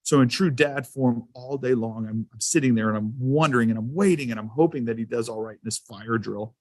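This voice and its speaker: A man's voice: mid-range voice, fairly quick, darkish tone, no room sound. A man giving a school safety presentation to a council, telling personal anecdotes in a loose, conversational way with frequent fillers.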